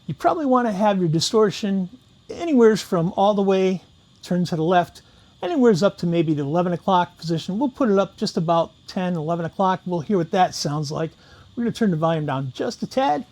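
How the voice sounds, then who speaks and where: High-voiced man demoing guitar pedals. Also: fairly quick. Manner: relaxed, steps through each knob setting. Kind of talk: casual demo talk. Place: room with guitar gear.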